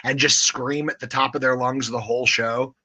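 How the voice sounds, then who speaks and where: Bright-voiced man swapping concert stories. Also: mid-range voice, steady tone. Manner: playful teasing, quick reactions and laughter. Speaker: podcast co-host. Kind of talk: casual chat.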